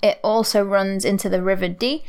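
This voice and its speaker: A chatty woman co-hosts a relaxed podcast conversation. Her voice is smooth and clear at a middle pitch. She talks freely, with frequent laughs and quick asides. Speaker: podcast co-host. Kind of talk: casual chat.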